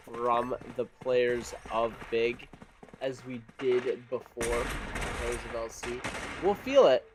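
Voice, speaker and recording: A man casting an esports match with energetic, joking play-by-play commentary. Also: medium pitch, background noise. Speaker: esports caster.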